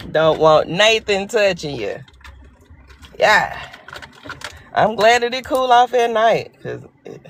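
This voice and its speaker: A woman's voice: on the high side, a bit bright, dry recording. A woman from Arkansas with a Southern accent, chatting casually and joking with viewers on a phone livestream. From Arkansas, USA. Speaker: livestream host. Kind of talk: casual live chat.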